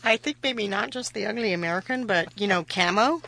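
A woman's voice: medium pitch, brisk, pushed and bright. A woman hosting a live radio show, teasing her guest and laughing easily. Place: radio studio.

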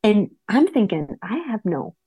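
A woman in her forties from Wisconsin tells a personal story to an audience, animated and acting out the lines of herself and others. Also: medium pitch, husky, dry recording. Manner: animated, acts out her own and others' lines in quick bursts.

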